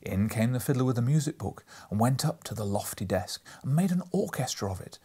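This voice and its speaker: A man narrating an audiobook with a lively, expressive reading, dropping some lines to near a whisper. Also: mid-range voice, a little fast, hardly any pauses, husky. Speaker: audiobook reader.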